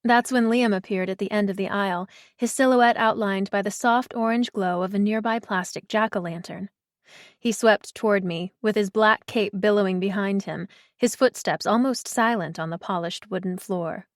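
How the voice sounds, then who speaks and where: A woman narrating a first-person audiobook, measured and expressive, in a mid-range voice. The sound is dry and close, with no room around it. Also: mid-range voice, no room sound.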